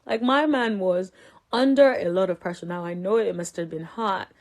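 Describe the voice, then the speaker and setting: A young woman casually recapping a dating show, chatty and animated, with her voice leaping up for her reactions. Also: moderate pace. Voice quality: animated, jumps high in pitch for reactions. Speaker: reality show recap commentator. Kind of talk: casual chat.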